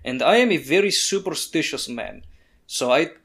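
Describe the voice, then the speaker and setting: Easygoing superstitious male guide, put on by the game master, middle pitch, lots of movement in the voice. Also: big pitch swings, normal speed, creaky, a bit bright, slightly rough, heavily acted. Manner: easygoing, jokey. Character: superstitious male caravan guide, friendly and joking.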